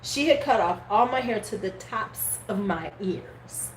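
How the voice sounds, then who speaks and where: A middle-aged woman hosting a live stream, casually telling a story in animated fashion, swearing freely and acting out her relatives' words. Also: medium pitch, a little slow, hardly any pauses. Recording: roomy echo, faint background noise.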